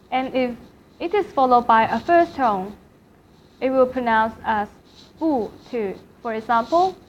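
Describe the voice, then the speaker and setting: Slow, careful woman language teacher. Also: on the high side. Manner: repeats each word slowly and carefully, modeling tones. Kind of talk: slow classroom lecture. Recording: slightly dull lecture recording with faint hiss.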